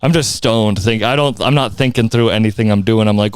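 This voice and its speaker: A man hosting a podcast chats in a loose, jokey way and laughs through his own stories. His voice is smooth and clear at an ordinary pitch. The sound is dry and close to the mic. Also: animated, brisk, dry recording. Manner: laughs often, jokey and crude. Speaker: podcast host. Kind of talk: casual interview chat.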